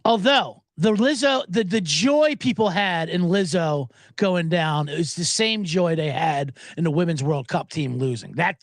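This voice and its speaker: A man's voice: fairly high pitch, unhurried, few pauses, no echo, clean studio sound. A man hosting a sports betting podcast, riffing sarcastically and profanely while reading viewer comments aloud.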